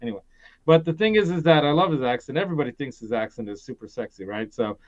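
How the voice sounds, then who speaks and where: A man's voice: mid-range voice, expressive, quick pace, lo-fi sound. Rambling man hosting a gear stream. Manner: rambling, laughs often, many restarts. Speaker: host of a gear live stream. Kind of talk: casual live-stream chat.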